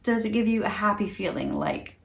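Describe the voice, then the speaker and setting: A chatty middle-aged woman talks straight to her camera at home. She comes across earnest and laughs easily between thoughts, with a voice of ordinary pitch. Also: fairly even intonation, fairly quick, vocal fry. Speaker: beauty vlogger. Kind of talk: casual talk to camera.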